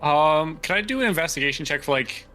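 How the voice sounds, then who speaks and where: Bright, higher-voiced man asking questions. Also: expressive, fast, soft background music. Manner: questioning, tentative. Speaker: player. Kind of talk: tabletop role-play.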